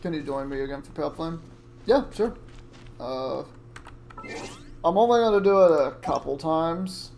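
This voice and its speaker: A man's voice: fairly high pitch, animated, normal speed, pauses often, a little mellow, slight background noise. A man streaming a video game, chatting casually and reacting aloud to what happens on screen. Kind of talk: casual gameplay commentary. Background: game music.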